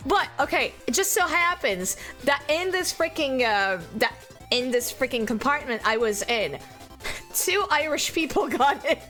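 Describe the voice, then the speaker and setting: Young french girl streaming, high voice, swings all over, laughs and swears a lot, faint music behind. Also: expressive, unhurried, sharp tone. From France. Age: young adult. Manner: laughs often, swears casually, many restarts. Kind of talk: casual chat with viewers.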